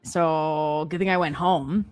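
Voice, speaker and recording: Chatty low-voiced woman live-streaming. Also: fairly even intonation, takes it slowly, a little mellow, clean tone. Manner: chatty, self-deprecating, quotes herself often. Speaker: co-host trading live. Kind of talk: casual live-stream chat. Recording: faint music behind.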